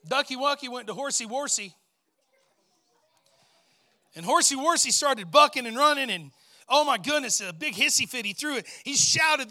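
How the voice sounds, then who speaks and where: A middle-aged male pastor preaching a lively sermon, telling a story and calling out to his congregation. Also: very high voice, moderate pace, long pauses.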